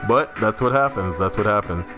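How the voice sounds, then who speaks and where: A man streaming a game, chatting loosely with teammates and viewers, loud and swearing constantly. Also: on the low side, a little fast, over music. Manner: animated, talking to teammates and chat. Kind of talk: casual live-stream chat while gaming.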